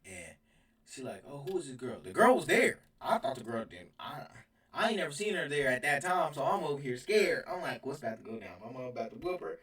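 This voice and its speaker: A young man telling a rambling, animated storytime, laughing as he goes. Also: medium pitch, brisk. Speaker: storyteller vlogger. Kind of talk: casual storytime. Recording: roomy sound from a distance.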